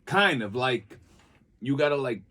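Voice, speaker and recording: A man's voice: medium pitch, measured pace. A young man from New York City, co-hosting a podcast in casual chat, telling stories and acting out what people said. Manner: animated storyteller acting out quoted people. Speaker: podcast co-host.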